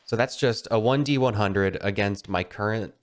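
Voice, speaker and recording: Brief: lower-pitched guy, laid-back gamer chat, hesitant. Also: moderate pace. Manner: casual, hesitant, restarts often. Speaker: tabletop game player. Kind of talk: casual game chat.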